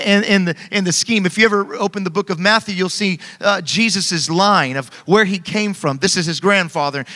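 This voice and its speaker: A man in his thirties preaching a sermon as pastor, energetic and calling on the congregation to respond. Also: sits high, in a large hall. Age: 30s. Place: church hall with congregation.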